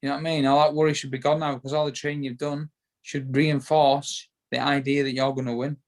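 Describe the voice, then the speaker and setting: A man's voice: mid-range voice, little pitch movement, quick pace. A man with a Yorkshire accent in a casual interview, talking in a rambling way that repeats words and restarts often. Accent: Yorkshire English. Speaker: guest, bare-knuckle boxer.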